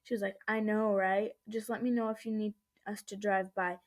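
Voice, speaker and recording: A woman's voice: mid-range voice, level tone, moderate pace. A woman telling a storytime vlog at home into a laptop webcam mic, still shaken, rambling through it with lots of "I was like" and nervous restarts. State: shaken and uneasy. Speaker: vlogger. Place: indoors at home.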